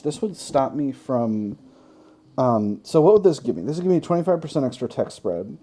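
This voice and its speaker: A man's voice: medium pitch, mellow, husky. A man hosting a gaming channel, chatting through a strategy game, thinking aloud with wry self-mocking asides.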